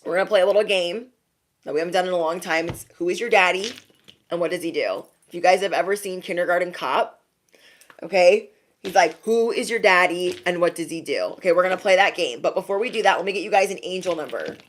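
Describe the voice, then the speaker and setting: A woman's voice: lowish voice, fast talker, a little hiss or hum. A young woman doing a casual spiritual card reading, chatty and laughing often as she talks to her viewers. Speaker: tarot reader.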